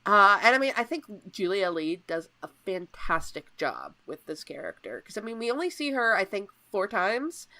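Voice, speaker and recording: A woman's voice: medium pitch, very animated, moderate pace, few pauses, pushed and bright. A woman co-hosting a podcast in casual chat, walking through scenes point by point. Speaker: podcast co-host leading the episode walkthrough.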